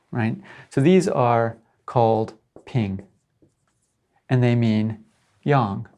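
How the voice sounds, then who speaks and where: Gravelly-voiced man giving a lecture. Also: mid-range voice, darkish tone. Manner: explanatory, checks in with "right?". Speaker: professor.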